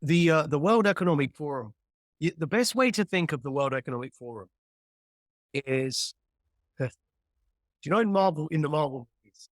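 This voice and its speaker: A man's voice: on the high side, expressive, normal speed, long pauses, no room sound, clean studio sound. A man speaking as a guest on a video call, building his points emphatically through analogies and repetition. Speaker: guest commentator. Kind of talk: animated explanatory conversation.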